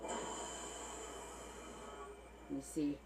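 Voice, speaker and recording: A woman's voice: extremely slow, far from the mic, noisy background. A woman hosting a casual craft livestream from her kitchen, chatting and rambling through stories as she goes. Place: home kitchen.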